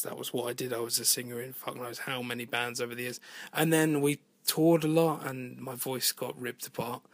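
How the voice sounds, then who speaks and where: A singer-songwriter talks through his album in a loose, rambling monologue, thinking aloud and letting the odd swear word slip. His voice sits at an ordinary middle pitch for a man. The recording is dry and close, with no room sound. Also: breathy edge, no echo. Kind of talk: casual spoken monologue about album production. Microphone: home voice recording.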